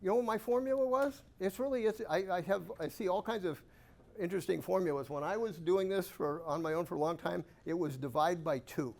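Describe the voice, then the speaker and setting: A man giving a keynote talk to a live audience, telling lively, self-amused stories and asking the room questions. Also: high-pitched, fairly quick, creaky. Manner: animated, self-amused anecdotes with rhetorical questions. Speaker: guest speaker at a real estate investor club.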